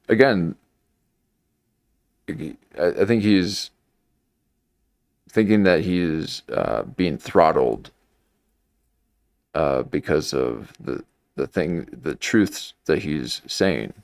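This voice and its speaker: Male stream host: very low, gravelly voice, slow and halting, questioning as he goes. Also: sing-song, no room sound. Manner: halting, questioning, thinks aloud. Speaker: livestream host. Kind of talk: live commentary on clips.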